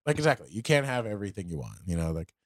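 A man co-hosting a casual anime podcast, talking loosely with slang and swearing, acting out quick quotes from the shows. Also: fairly low pitch, sing-song. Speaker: podcast co-host.

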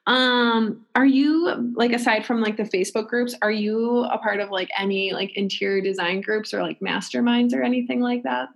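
A woman's voice: on the high side, moderate pace, gravelly, hardly any pauses. A woman hosting an interview, upbeat and encouraging, peppering her questions with fillers. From northern New York, near the Canadian border. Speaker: podcast host. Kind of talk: casual interview chat.

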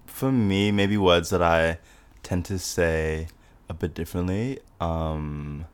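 A man hosting a podcast in casual chat, with a mixed Australian and British accent, relaxed and rambling with lots of filler words. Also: low voice, takes it slowly, smooth. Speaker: podcast host.

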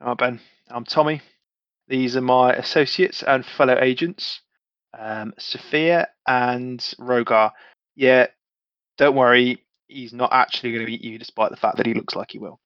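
A man role-plays his tabletop character through relaxed, matey banter that includes swearing. His smooth, mid-range voice keeps fairly even intonation at a moderate pace, and the audio is dry, slightly muffled and without echo.

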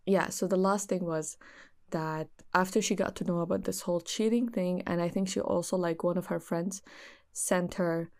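A woman's voice: lowish voice, steady tone, moderate pace, a little mellow. A young woman earnestly recounting a friend's story in casual chat.

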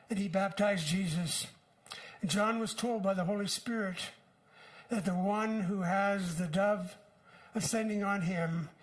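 An older man preaching a sermon in an earnest, unhurried way, with frequent pauses. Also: high voice, rough recording. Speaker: pastor.

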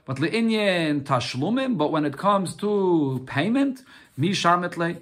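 Brief: male Talmud teacher, fairly high voice, patient step-by-step explainer, answers his own questions. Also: big pitch swings, measured pace, a bit bright. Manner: explains step by step, mixing Aramaic phrases with English; rhetorical questions answered himself. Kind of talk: Talmud lesson.

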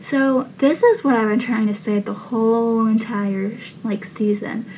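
A woman's voice: on the high side, fairly even intonation, unhurried, warm tone. Emotional woman recapping a TV scene. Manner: emotional, rambling with many fillers. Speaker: TV show fan vlogger. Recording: dull lo-fi with faint hiss.

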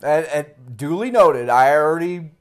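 A man's voice: on the high side, expressive. A man co-hosting a podcast in casual chat, often stumbling and repeating words. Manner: halting, repeats words while talking. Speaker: podcast co-host.

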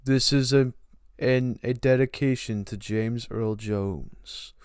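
A man's voice: mid-range voice, slow, a little mellow, smooth, dry recording, clean studio sound. A man hosting a goofy impression show, talking in a playful, hesitant way with fillers. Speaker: host.

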